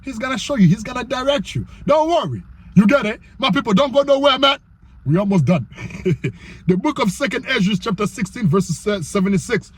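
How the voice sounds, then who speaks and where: A man teaching the Bible informally, slangy and repetitive, slowing down to read verses and growing loud and excited. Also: sits high, breathy edge, no room sound. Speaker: online preacher.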